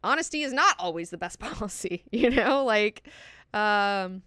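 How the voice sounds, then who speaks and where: A woman's voice: medium pitch, lively intonation, unhurried, sharp tone, dry recording, clean studio sound. A young woman hosting a book club, chatting casually and animatedly, swearing freely and acting out characters as she goes. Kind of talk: casual book discussion with read-aloud quotes.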